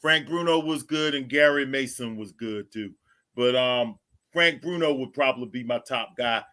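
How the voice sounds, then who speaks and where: Bright-toned laid-back male co-host. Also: medium pitch, normal speed. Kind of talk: casual chat.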